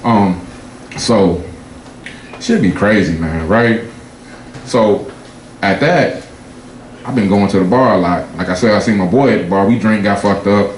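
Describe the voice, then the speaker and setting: A man doing a profane stand-up set, telling loose stories and jumping high in pitch for his punchlines. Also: unhurried, long pauses. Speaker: stand-up comedian. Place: comedy club stage before a laughing audience. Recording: echoey club room with crowd noise.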